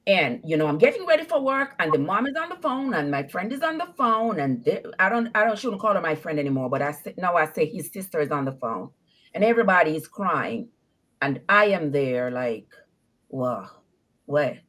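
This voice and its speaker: A woman calling in to a live talk show and telling a personal story, animated, acting out what people said and laughing often. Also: lowish voice, a little fast. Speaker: caller.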